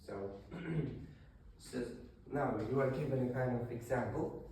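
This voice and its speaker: A man's voice: medium pitch, takes it slowly, a little mellow, slight background noise. A male English teacher leading a classroom lesson, explaining step by step with fillers and restarts. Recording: very echoey room, voice far from mic.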